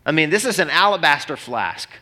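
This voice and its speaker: A male pastor preaching a sermon to a congregation, animated and conversational, often restarting phrases. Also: fairly high pitch, fairly quick. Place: church hall before a congregation.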